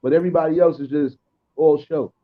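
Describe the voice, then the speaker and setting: A man joining a livestream as a guest, talking in a relaxed, agreeable, reflective way. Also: a little high, brisk. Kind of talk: casual livestream chat. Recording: tinny phone-line audio.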